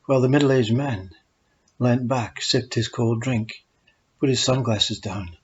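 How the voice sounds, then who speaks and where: A man calmly telling short spiritual parables in a measured, unhurried way. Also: medium pitch, breathy edge. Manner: calm, measured storytelling. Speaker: storyteller. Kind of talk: spoken parables. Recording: dull lo-fi recording.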